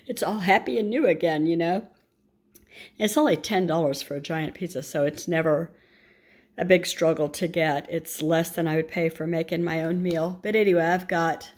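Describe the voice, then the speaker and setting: A woman's voice: lowish voice, dry recording. Chatty woman rambling through her garden. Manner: rambling, chatty, laughs often. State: out of breath. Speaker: vlogger. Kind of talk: casual vlog chat. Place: outdoors in a home garden.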